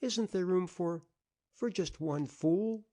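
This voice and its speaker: A man reading an audiobook, voicing an ashamed young woman who speaks softly and pleadingly. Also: sits high, takes it slowly, pitched above the performer's own voice. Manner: soft, pleading. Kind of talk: audiobook character voice.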